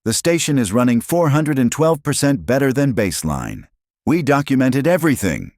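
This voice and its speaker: A man's voice: mid-range voice, normal speed, no echo, clean studio sound, voice pushed up, lightly acted. A man voicing a small, eager alien cub child in a narrated sci-fi story. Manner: eager, excited.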